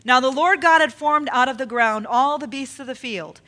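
A woman preaching a sermon, expressive, acting out the quotes she tells and dropping her voice low for emphasis. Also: normal speed. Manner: expressive, acts out quotes with dramatic drops in volume.

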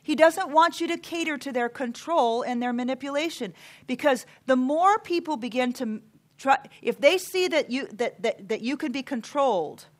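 A woman's voice: sits high, animated, moderate pace. Earnest woman preaching a sermon. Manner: earnest, emphatic, counts off numbered points.

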